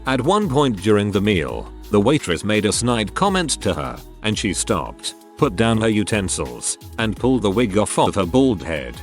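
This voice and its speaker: A man with a lowish voice narrates a string of short internet stories in a matter-of-fact scripted read. His pitch swings freely through each line, and faint music runs quietly beneath him. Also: big pitch swings, moderate pace, few pauses. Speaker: narrator reading reddit posts.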